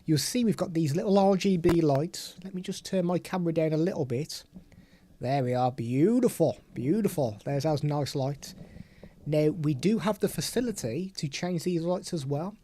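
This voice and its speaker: Chatty tech vlogger, mellow tone, desk mic. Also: male voice, on the high side, moderate pace. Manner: chatty, hands-on explaining. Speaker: tech reviewer. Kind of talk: product demo vlog. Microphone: desktop USB/XLR microphone.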